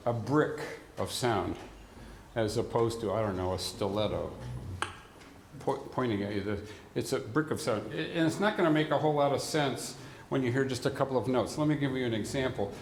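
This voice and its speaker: A man's voice: mid-range voice, moderate pace, a little hiss or hum. A man conducting a band rehearsal, who explains the music patiently and sings rhythms aloud to the players. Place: large rehearsal hall. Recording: roomy hall with faint ambience.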